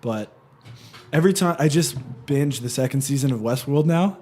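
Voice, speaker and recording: Lively, teasing young man. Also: mid-range voice, moderate pace, faint music behind. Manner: joking, teasing, laughs often. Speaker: podcast host and actor. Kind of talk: casual chat.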